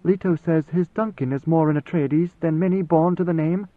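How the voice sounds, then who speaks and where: A man voicing a young woman, a ruler's intended bride, speaking in a soft, measured, composed way. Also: on the high side, no room sound, close to an everyday voice. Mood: tender. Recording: dry, phone-like narrow sound.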